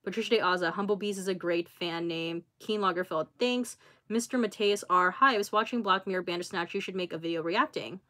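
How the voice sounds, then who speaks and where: A young woman in her twenties hosts a casual livestream, talking freely and reading out comments from viewers. She is chatty and expressive, with plenty of filler words between thoughts. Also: on the low side, fairly quick. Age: 20s. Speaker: YouTuber hosting a livestream.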